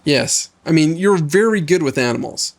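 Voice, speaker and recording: A man co-hosting a podcast, coaching his friend in a gentle, reflective and affirming way. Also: a little high, expressive, moderate pace, gravelly. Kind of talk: coaching conversation.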